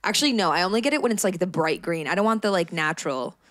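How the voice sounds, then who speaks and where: A woman's voice: fairly low pitch, lively intonation, racing, a bit bright, dry recording, clean studio sound. A woman co-hosting a podcast in casual chat, playful and teasing, with lots of fillers. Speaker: podcast co-host.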